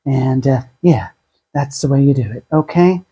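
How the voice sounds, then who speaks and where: A man hosting a craft tutorial, chatty and self-deprecating, speaking in a husky put-on voice that sounds like a sore throat. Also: mid-range voice, normal speed, dark tone, dull audio. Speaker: craft channel host.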